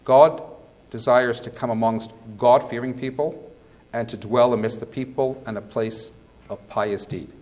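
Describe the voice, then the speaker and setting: Guy rabbi giving a sermon, middle pitch, asks questions then answers em, goes quiet then loud. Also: fairly even intonation, a little slow. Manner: emphatic preaching with rhetorical questions; swings between quiet and loud.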